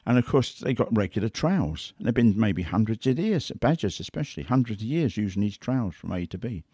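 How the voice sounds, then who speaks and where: Taking on the role of a big cat investigator, a man with a slightly rough voice on the low side speaks briskly, telling stories conversationally and animatedly acting out quotes and sounds. The clean studio sound has no room ambience.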